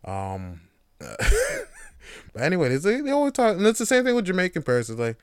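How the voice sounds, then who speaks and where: A man talks through a casual solo podcast monologue, joking, swearing and laughing often. His pitch moves a lot, and his voice is smooth and resonant. The sound is dry. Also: huge pitch swings, moderate pace, no echo. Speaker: podcast host.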